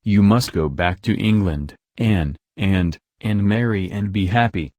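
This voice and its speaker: Guy voicing intense desperate young man, low voice, dry close audiobook sound. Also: a little slow, darkish tone, no echo, natural voice. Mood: anguished. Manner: impassioned, pleading delivery. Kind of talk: audiobook character reading.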